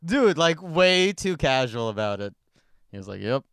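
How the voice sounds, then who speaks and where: A man's voice: mid-range voice, big pitch swings, normal speed, fairly bright tone, smooth, no room sound, clean studio sound. A man co-hosting a podcast, telling funny family stories in casual chat and laughing through his punchlines. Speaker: podcast co-host.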